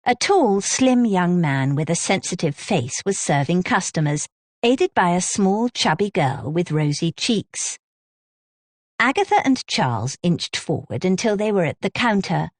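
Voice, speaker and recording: A woman narrating an audiobook in a measured, descriptive manner on a close studio mic. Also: fairly low pitch, very animated, no echo. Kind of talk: scripted narration.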